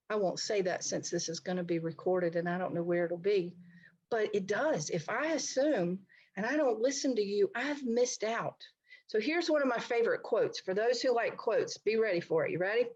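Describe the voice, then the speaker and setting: A woman's voice: medium pitch, normal speed, a little mellow, highs cut off. A middle-aged woman counselor giving an online talk, speaking conversationally and addressing her listeners directly. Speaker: licensed counselor presenting a talk. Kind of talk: online presentation to a society.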